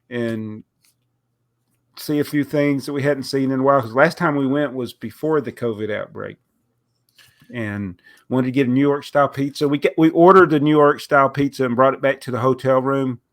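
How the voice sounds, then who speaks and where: This podcast co-host has a medium-pitched voice and a moderate pace, with no room sound behind him. Still recovering from a cold, he sounds nasal and congested while rambling through a story on a laid-back show, breaking into frequent laughter.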